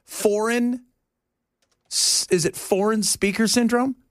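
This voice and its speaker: In clean studio sound with no room echo, a high-pitched man takes his time hosting a talk radio show. He's an animated storyteller who banters casually, lapses into silly voices, and laughs.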